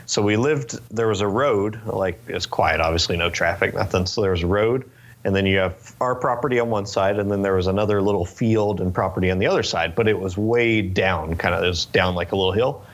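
A man in his twenties from Northern California, telling stories in a relaxed interview chat with lots of fillers and restarts. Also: low voice, brisk. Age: 20s. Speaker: interview guest, race car driver.

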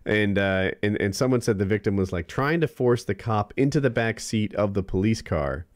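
A man in casual chat, joking along excitedly with a friend. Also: fairly low pitch, no room sound, studio quality. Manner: excitable, quick to joke along.

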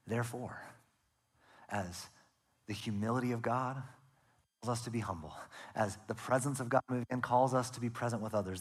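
A man preaching a sermon as pastor, earnest, often dropping to a soft, hushed delivery for emphasis. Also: mid-range voice.

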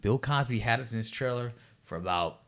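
A man in his forties, of Puerto Rican heritage, telling a story in casual chat, profane and animated. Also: medium pitch, brisk. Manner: profane, animated, lots of restarts. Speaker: podcast guest.

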